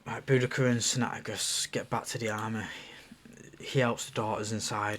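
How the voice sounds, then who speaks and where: A man with a lowish voice reads through his own screenplay. He is relaxed and musing, and he stops now and then to comment on his scenes. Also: moderate pace.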